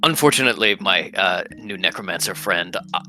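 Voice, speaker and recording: A man voicing a calm, courteous male assassin who speaks in a low, measured, apologetic way. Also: faint music behind, heavily acted. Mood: calmly polite. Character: polite calm assassin, male, soft-spoken.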